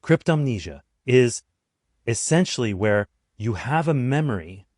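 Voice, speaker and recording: A man in his forties hosting a podcast, telling a personal story in a conversational, animated way with self-reflective asides. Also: mid-range voice, unhurried, dry recording, studio quality. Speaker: podcast host. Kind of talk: storytelling monologue.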